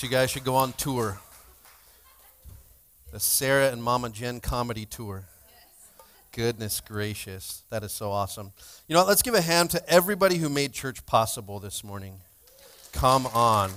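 A man, the lead pastor, joking playfully with his congregation while opening a church service. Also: medium pitch. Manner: playful, jokey, energetic crowd banter.

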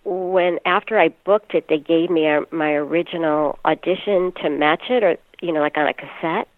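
A chatty woman in her sixties, from New York, talking with a slightly low voice over a tinny phone-like line. She laughs easily and drifts through fillers as she recalls her work. The sound is close and dry. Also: normal speed, no room sound. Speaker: voice actress guest. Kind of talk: casual interview chat.

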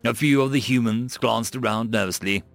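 A man narrating a science-fiction audiobook in a dramatic, expressive manner. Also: mid-range voice, normal speed, gravelly, dry recording. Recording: dry close mic with faint music.

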